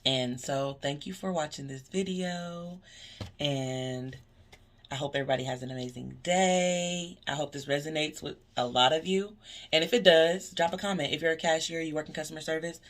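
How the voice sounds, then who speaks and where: Lively woman cashier vlogging. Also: deep voice, normal speed. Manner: animated storytelling, acting out customer exchanges; upbeat, preachy about positivity. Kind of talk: casual vlog monologue.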